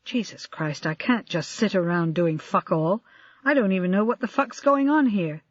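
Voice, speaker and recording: Narrator voicing a rattled cop guy, swears a lot, clipped lines, flat dull dry audio. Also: high voice, moderate pace, no echo. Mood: distraught. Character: distraught middle-aged male police staff sergeant. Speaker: police staff sergeant.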